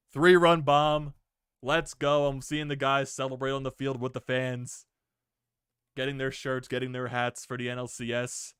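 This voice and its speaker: A young man hosting a sports video, giving an excited fan reaction rant, swearing freely and laughing. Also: mid-range voice, clean tone, no room sound, studio quality.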